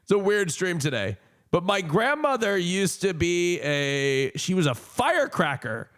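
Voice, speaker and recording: A man in his thirties tells a personal story on a live stream, wandering off track and filling pauses. He laughs often and swears freely. His voice is high, and he talks slowly. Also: big pitch swings, fairly bright tone. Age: 30s.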